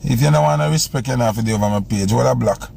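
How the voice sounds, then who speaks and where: A man's voice: mid-range voice, racing, gravelly, darkish tone, slightly rough. Jamaican man chatting on a live stream. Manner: rambling, repeats phrases while scrolling comments. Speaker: selector going live. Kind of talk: casual live-stream chat.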